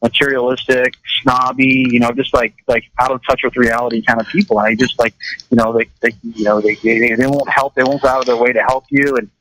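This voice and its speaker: A man's voice: mid-range voice, flat delivery, fairly quick, fairly bright tone, rough recording. A man from California chatting casually on a radio show, rambling with lots of restarts and repeated words.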